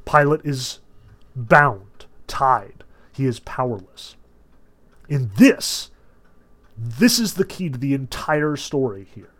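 A man lecturing on a novel, emphatic and animated, with sudden surges of stress and casual asides. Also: mid-range voice, slow pace, pauses often. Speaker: literature lecturer.

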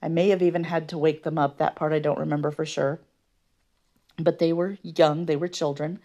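Brief: low-pitched woman from the Midwest, podcast host recounting personal history, halting with frequent ums. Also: flat delivery. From American Midwest. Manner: hesitant, many ums, soft-spoken. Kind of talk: personal storytelling.

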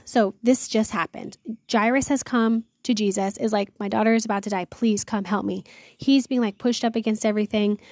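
A woman's voice: on the high side, a little mellow, no echo. A woman reading Bible verses aloud and retelling them in casual, slangy words, earnest and awed, as host of a devotional series. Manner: reads scripture aloud, then retells it in chatty slang; earnest, awed, often exclaims "wow".

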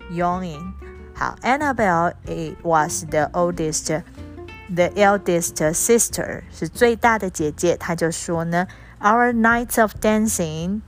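Female teacher, unhurried read-aloud with word explanations, soft guitar bed underneath. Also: mid-range voice. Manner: spells out words letter by letter, switching between languages to explain. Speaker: English teacher. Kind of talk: reading a storybook aloud and explaining words.

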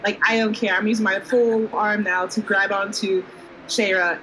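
A woman's voice: medium pitch, fairly even intonation, moderate pace, sharp tone, a little hiss or hum, rough recording. A woman playing a tabletop game, often stammering and flustered as she describes her actions. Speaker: player. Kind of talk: tabletop role-play.

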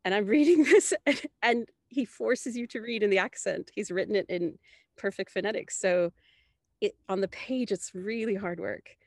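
A woman from Canada, a guest in an interview, telling a story in an animated way with high bursts of laughter and many restarts. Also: normal speed, dry recording, studio quality.

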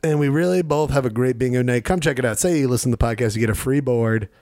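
Man, mid-pitched podcast co-host, deadpan casual banter. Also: fast talker, heavy background noise.

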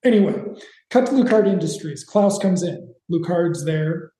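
A man's voice: high voice, animated, normal speed, warm tone, echoey room, poor audio. A man co-hosting a podcast, recapping a TV episode in rambling casual chat with sarcastic asides. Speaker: podcast co-host.

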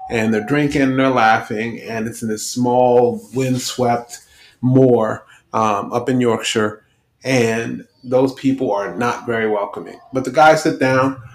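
A man hosting a podcast, retelling a film plot in a chatty way with quick asides. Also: medium pitch, steady tone, low-quality recording. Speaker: podcast host. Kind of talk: casual film recap.

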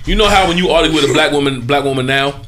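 A man's voice: on the high side, very fast, a crowd in the background. A man speaking with strong emphasis and swearing freely in casual chat as a podcast host.

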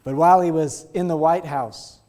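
A man preaching a sermon, telling stories and slowing down to press his points. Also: a little high, dark tone. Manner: storytelling, slows down for emphasis.

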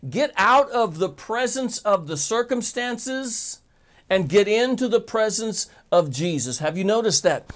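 A man preaching a sermon, talking straight to his listeners with emphatic rhetorical questions. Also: high voice.

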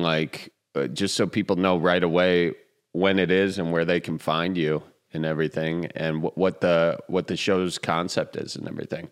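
Low, smooth-voiced man hosting a podcast. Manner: jokey, rambling, lively. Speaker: podcast host. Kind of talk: casual chat.

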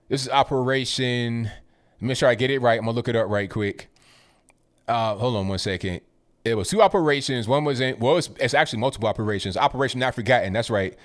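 Blunt, rambling male stream host. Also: medium pitch. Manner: blunt, dismissive, rambling with frequent restarts. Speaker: livestream commentary host. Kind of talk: casual political commentary stream.

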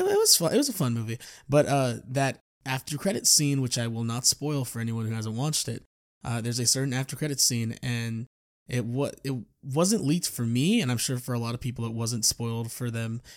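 A man talks through a solo podcast episode in an easy, rambling way, stopping to correct himself mid-sentence. His voice sits at an average pitch. The sound is close and dry, with no room echo. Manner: rambling, self-correcting, chatty. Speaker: podcast host. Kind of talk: casual solo chat.

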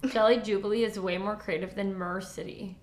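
A woman's voice: mid-range voice, steady tone, fairly quick. Giggly young woman, echoey room. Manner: chatty, giggly, lots of filler likes, drops to whispers. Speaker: podcast co-host. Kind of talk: casual book chat.

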